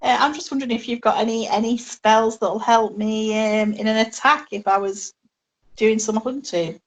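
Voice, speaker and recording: A woman's voice: fairly high pitch, steady tone, normal speed, poor audio. A woman playing a tabletop game, hesitant, with many ums and restarts as she thinks aloud. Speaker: player. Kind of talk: casual tabletop play.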